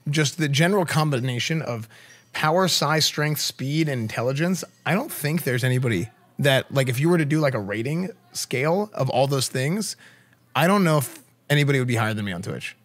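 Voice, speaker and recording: A man streaming, chatting casually in a boastful, joking, rambling way with lots of fillers. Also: on the high side. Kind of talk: casual chat.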